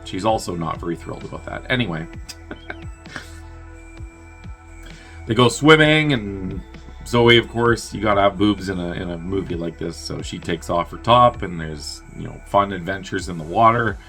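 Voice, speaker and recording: A man's voice: on the low side, lively intonation, normal speed, fairly bright tone, soft background music. A man hosting a movie review show, casually recapping a plot in a rambling, wry way and laughing at his own jokes. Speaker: movie review podcast host.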